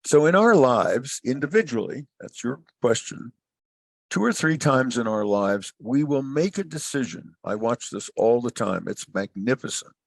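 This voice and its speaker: A man's voice: medium pitch, lively intonation, normal speed, creaky, no room sound. An older man, a guest advisor, speaking in an expansive, philosophical, storytelling way in an interview. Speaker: guest, family wealth advisor. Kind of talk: reflective interview talk.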